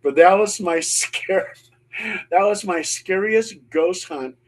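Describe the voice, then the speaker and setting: Man, middle-aged, paranormal investigator, animated storyteller, slow delivery, slightly high voice. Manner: animated storyteller acting out quotes. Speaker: paranormal investigator and show host. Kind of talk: storytelling on a panel call.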